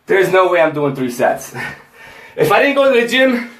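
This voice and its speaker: A man's voice: sits high, very animated, normal speed, a bit bright, reverberant, slight background noise. A man in a casual home workout vlog, out of breath and chatty, talking to the camera and to a friend. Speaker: fitness vlogger.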